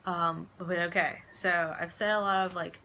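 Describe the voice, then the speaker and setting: A woman's voice: fairly low pitch, fairly even intonation, moderate pace, bright, forceful tone. A young woman from the United States rambling casually in a vlog, full of fillers and restarts, acting out the voices of people she quotes. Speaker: vlogger.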